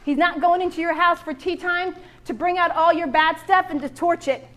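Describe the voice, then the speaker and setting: A woman's voice: extremely high pitch, normal speed. A woman preaching to a women's church gathering, joking and acting out little voices as she goes. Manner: animated, jokey, acts out voices. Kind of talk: sermon.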